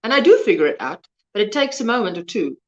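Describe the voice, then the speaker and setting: The audio is dull, and the woman talks fast at a medium pitch with big swings in intonation. She is a South African native Afrikaans speaker hosting a crochet livestream, rambling casually through viewer comments and losing words mid-sentence.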